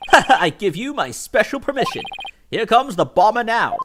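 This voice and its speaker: A man's voice: high-pitched, sing-song, unhurried, background noise, pitched above the performer's own voice. A man voicing an overly cheerful male detective with a bouncy, hammy delivery, game music behind. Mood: jaunty.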